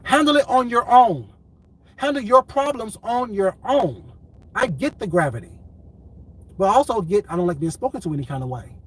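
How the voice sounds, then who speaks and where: A man with a high, husky voice addresses his livestream. He speaks in a calm, controlled, deliberate way and repeats his points for emphasis. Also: low-quality recording. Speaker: YouTube streamer. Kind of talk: heated livestream commentary.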